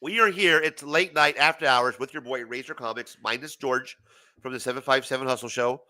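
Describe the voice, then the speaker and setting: A man's voice: mid-range voice, a little fast. A man in his forties hosting a comics talk show, ranting casually with lots of swearing and laughter. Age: 40s. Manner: profane, animated, laughs often. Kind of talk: casual late-night rant.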